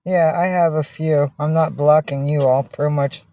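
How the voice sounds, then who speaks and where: A woman on a casual livestream who swings between angry, profane ranting at her viewers and soft baby talk to her cats, speaking from inside a minivan. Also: deep voice, fairly even intonation, normal speed, no echo, dull audio.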